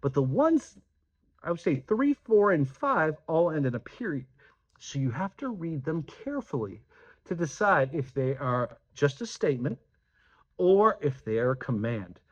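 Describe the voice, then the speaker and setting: A man's voice: on the high side, big pitch swings, measured pace, lo-fi sound. A man teaching a grammar lesson who acts out example sentences with animation.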